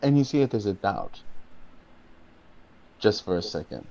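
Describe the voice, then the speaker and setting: A man's voice: lowish voice, sing-song, creaky, dark tone, lo-fi sound. A man narrating a tabletop game as dungeon master, drawing out his dramatic descriptions. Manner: slow, drawn-out dramatic narration with swearing.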